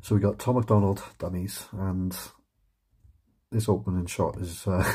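Male reaction vlogger, deep and husky, loose heartfelt rambling. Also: fairly even intonation, measured pace, pauses often, dark tone. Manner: rambling, heartfelt, lots of ums and restarts; swears casually. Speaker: reaction channel host. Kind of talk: casual reaction vlog chat.

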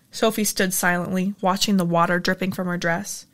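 A woman narrating a novel in a steady storytelling manner, as a regular audiobook reader. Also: lowish voice, a little fast, few pauses. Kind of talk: reading a novel aloud.

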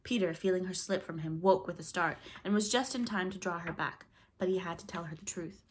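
Gentle low-voiced woman reading a story. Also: brisk, slight background noise. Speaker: storybook reader. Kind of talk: audiobook narration.

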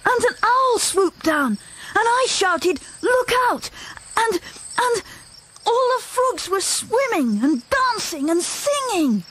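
A woman voicing an excitable young boy bear on a storybook cassette, retelling his adventure in a breathless, insistent way. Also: extremely high pitch, slow, full character voice. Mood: excited.

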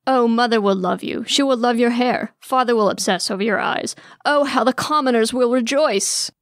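A woman's voice: medium pitch, fairly even intonation, normal speed, no room sound, studio quality, close to an everyday voice. A woman voicing an eager, bumbling young male prince who gushes in a put-on British accent. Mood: rambling. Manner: gushing, pompous, overeager. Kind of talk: audiobook character voice.

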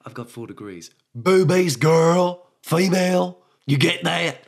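Man doing a loud, high, sneering rural American chauvinist dad parody. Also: lively intonation, a little slow, faint music behind. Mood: mocking. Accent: put-on rural American. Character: mocking impression of a brash chauvinist dad.

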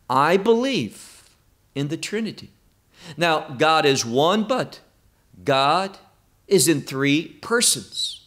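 Slow, emphatic male Bible teacher. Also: fairly bright tone. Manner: emphatic, slow and deliberate with wide swings of pitch.

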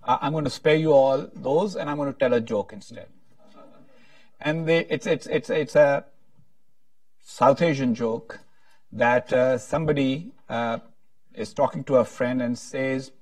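A man's voice: mid-range voice, measured pace, pauses often, darkish tone, no echo, far from the mic. A man moderating a panel discussion, talking in a rambling, hesitant way with frequent restarts.

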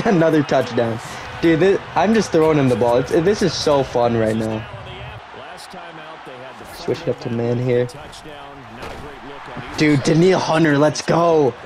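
Speaking in a mid-range voice, this young man is a gaming YouTuber commentating live on his football video game. He cheers loudly whenever a big play happens and grumbles when it goes badly.

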